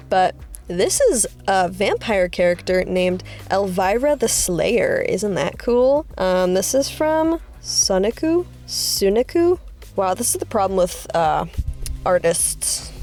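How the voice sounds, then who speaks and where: A woman artist casually talking through her drawings, chatty and rambling, with excited high-pitched bursts. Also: slow pace, faint music behind. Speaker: artist vlogger. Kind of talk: casual art commentary.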